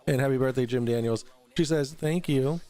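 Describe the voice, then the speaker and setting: A man's voice: medium pitch, normal speed, dark tone. A man runs a casual livestream show, reading viewer super chats aloud. He rambles, restarts his sentences, swears freely and breaks into laughter often. Faint music plays in the background. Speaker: livestream talk show host.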